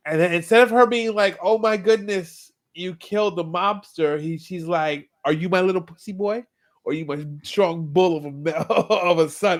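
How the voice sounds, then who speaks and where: A man's voice: high-pitched, normal speed. A man co-hosting a podcast, animatedly retelling a TV episode in casual chat and acting out characters' lines. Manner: animated storytelling, acts out lines. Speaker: podcast co-host.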